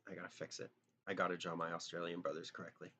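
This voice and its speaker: A young man with a deep, low-pitched voice chats loosely on a live drawing stream. He rambles, jokes with his viewers and mumbles bits of songs he half remembers. Faint mouse clicks sit behind his talk. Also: completely flat delivery, fast, bright, forceful tone, a little hiss or hum. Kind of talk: casual live-stream chat.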